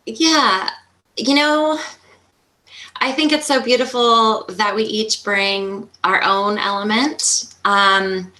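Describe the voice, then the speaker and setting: A woman's voice: medium pitch, fairly even intonation, slow, pushed and bright. A woman retreat guide speaking earnestly about spiritual connection in a casual chat.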